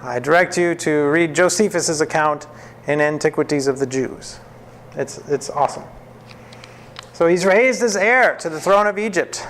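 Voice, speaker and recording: A man with a slightly higher voice teaches a Bible class, telling the story with lively energy and acting out what the figures say. He laughs often as he goes, and a faint hiss sits under the recording. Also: normal speed.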